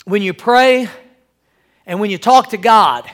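A man's voice: sits high, takes it slowly, a bit bright. A male pastor preaching a sermon, talking straight to his congregation, repeating phrases for emphasis and calling for amens. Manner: addresses congregation directly, calls for amens.

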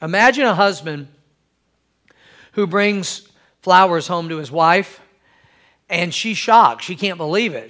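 A man's voice: animated, unhurried, long pauses, sharp tone. A middle-aged man preaching a sermon, asking for amens and acting out everyday scenes. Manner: preacherly, calls for amens, acts out quoted wives in a high voice. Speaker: pastor.

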